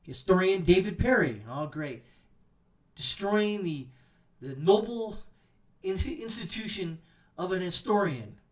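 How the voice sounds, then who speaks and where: A man's voice: high-pitched, animated, unhurried, pauses often, recorded from a distance. Brief: male commentary host, sarcastic angry rant, sits back from the mic. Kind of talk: ranting commentary over read-out posts.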